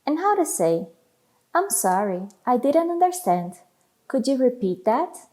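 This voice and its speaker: A woman teaching a language lesson, saying each phrase slowly and clearly, then repeating it for learners. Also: high voice, big pitch swings, dark tone.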